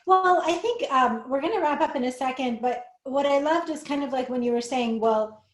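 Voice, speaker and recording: A woman's voice: sits high, moderate pace, poor audio. A woman hosting an interview, effusive and grateful, often thanking her guest. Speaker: interview host. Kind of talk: casual interview talk.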